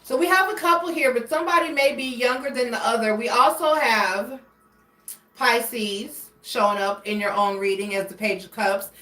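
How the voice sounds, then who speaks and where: Tarot reader, female, higher voice, rambling searching delivery, roomy echo, off-mic. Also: normal speed, bright, forceful tone. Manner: rambling, searching for words, frequent restarts. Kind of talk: casual tarot reading monologue. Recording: echoey room, voice a bit far from mic.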